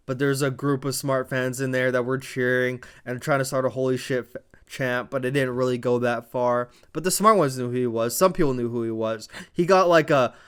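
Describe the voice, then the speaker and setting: Male show reviewer, smooth resonant voice, casual animated play-by-play recap, profane. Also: medium pitch. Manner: animated, blow-by-blow retelling with profanity.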